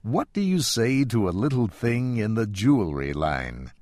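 A man voicing a carefree, polite young gentleman who speaks light-heartedly. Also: on the low side, sing-song, unhurried, dry recording, studio quality, voice pushed up. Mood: polite, breezy.

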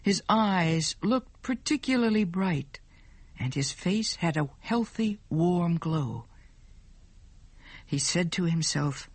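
Woman reading a story real slow and clear, dry close sound. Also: on the low side, expressive, no room sound. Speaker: narrator.

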